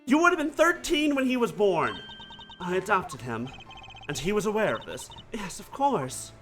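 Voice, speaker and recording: A man voicing a grave, solemn male judge in a video game, speaking slowly. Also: sits high, big pitch swings, over music. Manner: solemn, slow.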